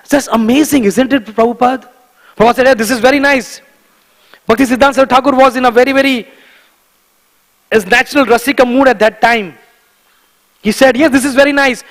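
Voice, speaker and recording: High-voiced man giving an emphatic temple lecture. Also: fast, long reverb tail, poor audio. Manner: emphatic, animated, repeats key words for stress, chuckles often. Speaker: guest speaker giving a temple class. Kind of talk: devotional lecture. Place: temple hall.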